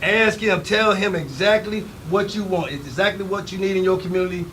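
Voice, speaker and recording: A man guest in casual chat, joking and laughing often in lively banter. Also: sits high, a little fast, a little hiss or hum, rough recording.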